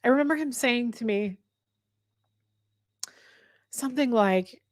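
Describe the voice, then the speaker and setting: A woman hosting a livestream, talking candidly and earnestly to her viewers, halting and restarting her sentences. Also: on the high side, no echo, clean studio sound. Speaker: livestream host. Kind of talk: candid emotional talk to viewers. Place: indoor room with a fire.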